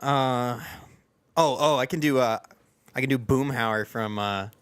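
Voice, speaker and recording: A man's voice: mid-range voice, unhurried, a bit bright, smooth, no echo, clean studio sound. A young man hosting a podcast in casual chat, talking in a rambling, self-deprecating way with lots of fillers and restarts. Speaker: podcast host.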